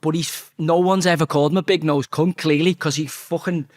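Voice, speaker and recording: A man telling a blunt, sweary story as an interview guest, talking fast and animated. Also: fairly high pitch. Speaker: interview guest, former footballer.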